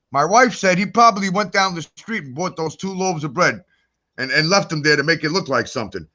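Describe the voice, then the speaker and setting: Brief: male guest, bright, cutting voice, swearing heavily while telling a heated story. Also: a little high, brisk, dull audio. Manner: profane, heated, animated ranting. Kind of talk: casual talk-show storytelling.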